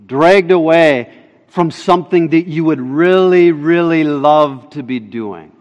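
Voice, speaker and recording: A fairly high-voiced male pastor preaches in an emphatic, insistent way, repeating his key lines to drive them home. His voice carries a long reverb, as if recorded in a big church sanctuary. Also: slow pace, a little mellow, dull audio. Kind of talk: sermon. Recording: long reverb of a large hall.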